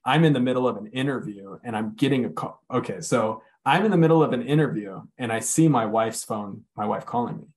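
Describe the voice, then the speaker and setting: A man in casual conversation, telling a personal story candidly, swearing freely with lots of filler words and slowing down on heavy moments. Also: mid-range voice, a little mellow.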